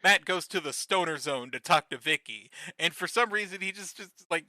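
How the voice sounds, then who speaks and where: A man's voice: high-pitched, expressive, bright, forceful tone, no echo. A man co-hosting a podcast, chatting casually as he recaps a TV episode, laughing often and swearing. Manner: laughs often, swears, acts out lines in quick bursts. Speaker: podcast co-host.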